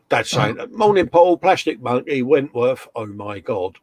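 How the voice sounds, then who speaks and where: A man's voice: mid-range voice, expressive, slow, breathy edge, no echo. A man with a British accent co-hosting a casual live stream, reading out viewer comments and trading slangy jokes from a home workshop. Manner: jokey banter with slang.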